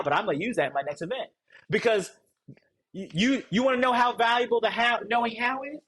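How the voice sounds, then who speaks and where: Male coach, high husky voice; loose joking delivery to a live group, animated. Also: low-quality recording. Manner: rambling, joking, chuckles often; animated, rises high when mocking. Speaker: sales coach leading a training program.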